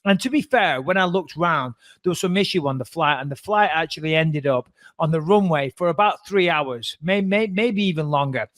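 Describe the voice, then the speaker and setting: A podcast co-host tells a story in a casual, animated way, swearing freely and acting out the voices of the people he quotes. His voice is a little high, at a moderate pace with few pauses, and there's no echo.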